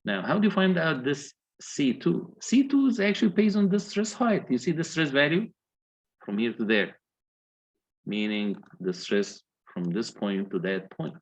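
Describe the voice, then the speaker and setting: A man's voice: medium pitch, very animated, unhurried. A man lecturing on engineering, working through calculations step by step and putting questions to his students. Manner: methodical, asks the class questions.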